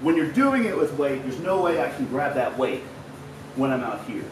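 A man's voice: medium pitch, big pitch swings, normal speed, over music. A man talking casually through his stretching routine, loose and chatty and swearing at times, a little out of breath. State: slightly out of breath. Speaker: fitness vlogger. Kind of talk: casual instructional talk. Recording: echoey room, mic at a distance.

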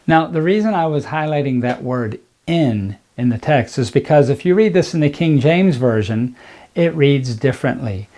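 A man hosting a commentary, speaking deliberately and stressing key words as he reads and explains scripture. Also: medium pitch, animated, a little mellow. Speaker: channel host. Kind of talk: commentary with bible reading.

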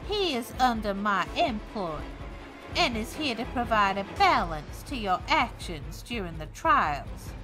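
A woman voicing a formal, pompous man who serves a dark king, precise and ominous. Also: mid-range voice, big pitch swings, measured pace, over music.

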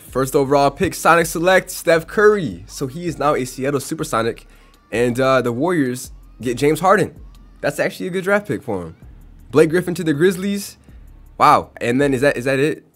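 A man's voice: medium pitch, animated, brisk, faint music behind. A young man casually commenting on a basketball video game simulation, chatty and reacting as results come in. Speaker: gaming YouTuber.

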